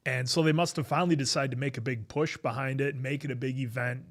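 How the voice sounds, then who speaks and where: A man's voice: mid-range voice, fairly even intonation, fast talker. A man co-hosting a podcast, chatting casually in a rambling way and reading viewer messages aloud. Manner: rambling, reads viewer super chats aloud. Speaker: podcast co-host. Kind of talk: casual chat.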